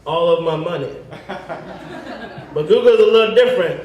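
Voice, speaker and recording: A man performing a stand-up comedy set. He delivers deadpan setups and then acts out other voices with animated energy. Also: on the high side, moderate pace, dull audio. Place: comedy venue stage with audience. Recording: echoey room, mic from a distance.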